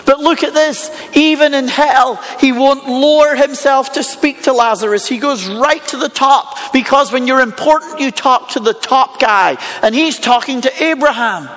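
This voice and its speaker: A man's voice: very high-pitched, moderate pace, few pauses, a bit bright. A man preaching a sermon, telling a Bible story with rhetorical questions. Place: church hall with congregation and online viewers. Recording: long hall reverb.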